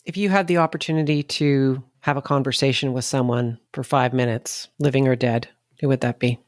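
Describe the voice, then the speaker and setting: A man's voice: mid-range voice, steady tone, brisk, no echo, studio quality. A man from Canada hosting a podcast, talking candidly in a casual interview. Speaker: podcast host.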